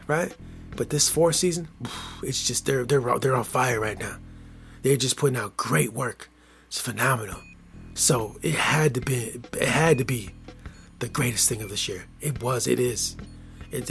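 A man hosting his own podcast, talking casually in a rambling, repetitive, playful way that swings from hushed to excited. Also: mid-range voice, vocal fry. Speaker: podcast host. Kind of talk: casual solo podcast monologue.

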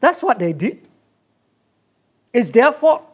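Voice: mid-range voice, sing-song, slow pace, slightly rough. A preacher delivering a sermon in short, emphatic bursts, often repeating key phrases.

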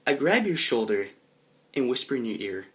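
A young man narrating his character's actions in a comedic tabletop role-play, chuckling as he goes. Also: medium pitch. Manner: animated, chuckling, drops into quick voiced asides.

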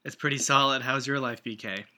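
A man co-hosting a podcast in casual comedic chat, speaking in a dry, matter-of-fact deadpan. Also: medium pitch, fairly quick, heavy background noise. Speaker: podcast co-host.

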